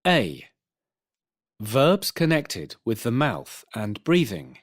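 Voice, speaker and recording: A man announcing section headings of a vocabulary textbook in a drawn-out, emphatic way. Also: mid-range voice, wildly swooping pitch.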